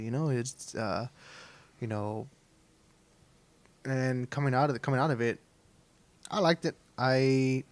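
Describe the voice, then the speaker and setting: A young man co-hosting a podcast, chatting loosely and laughing as he talks. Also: medium pitch. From South Texas. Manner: laughing, loose and chatty, reads plugs off quickly. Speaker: podcast co-host. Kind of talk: casual chat.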